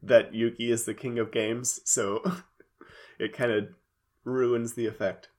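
A man's voice: medium pitch, level tone, slow, a little mellow. A man co-hosting a casual podcast, recapping an anime episode with dry joking asides. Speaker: podcast co-host.

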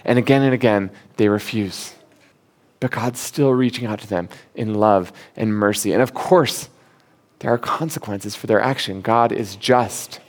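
A man preaching a sermon in an animated, conversational way, asking rhetorical questions and acting out the quotes he tells. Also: fairly low pitch, measured pace.

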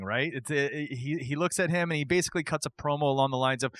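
A man's voice: mid-range voice, fast talker, hardly any pauses, fairly bright tone, dry recording. A man hosting a casual podcast chat who tells a story with energy, acts out the quotes and laughs often. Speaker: podcast host. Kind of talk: excited wrestling storytelling chat.

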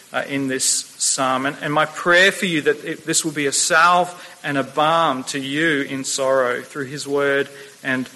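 Bright-voiced guy preaching, lots of stammered restarts, long hall echo. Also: medium pitch. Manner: earnest, stammering restarts, slows for quoted scripture. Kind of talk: sermon.

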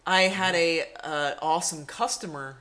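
A woman's voice: lowish voice, moderate pace. A woman co-hosting a podcast, telling a story in casual chat, swearing freely and acting out the people in it. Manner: animated storyteller, swears freely, acts out voices. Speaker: podcast co-host.

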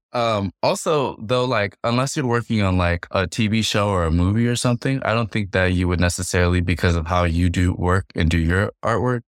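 A young man co-hosting a casual podcast, telling an animated story and jumping into a high voice whenever he quotes someone else. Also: fairly quick, no echo, clean studio sound. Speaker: podcast co-host. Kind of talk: casual chat. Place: a room at home.

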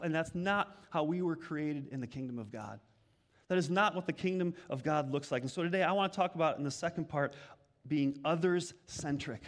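A man's voice: a little high, normal speed, big-room sound. A middle-aged male pastor preaching a sermon, telling a personal story in a conversational way with frequent restarts.

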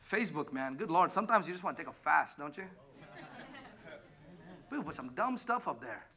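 High, bright-voiced preaching man. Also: big pitch swings, fairly quick, some chatter behind. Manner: emphatic, swings between shouting and hushed asides; asks the congregation questions. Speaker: pastor. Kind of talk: sermon.

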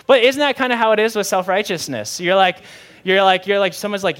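A man's voice: high voice, expressive, fairly quick, fairly bright tone. A young adult man, a pastor preaching a sermon in a conversational, candid way with self-deprecating humor.

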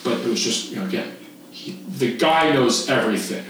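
A man in his fifties from Texas, a podcast guest telling a camp story in animated casual chat, laughing and swearing freely. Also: mid-range voice, fairly quick. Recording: echoey room, distant mic, faint noise.

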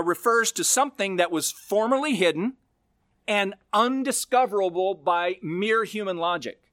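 A male pastor preaching a sermon, expressive, with slow, emphatic stresses on key words. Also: high voice, no echo, clean studio sound.

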